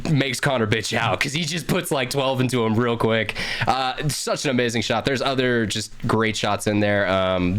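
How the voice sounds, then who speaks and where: A man hosting a casual podcast chat about paintball, relaxed and laughing often. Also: on the low side. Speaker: podcast host.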